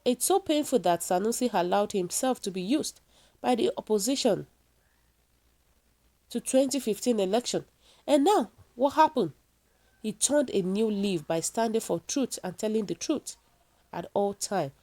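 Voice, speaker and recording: Nigerian woman reading news then ranting her take, earnest, lots of questions to viewers, mid pitch. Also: moderate pace, dark tone. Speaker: news commentator.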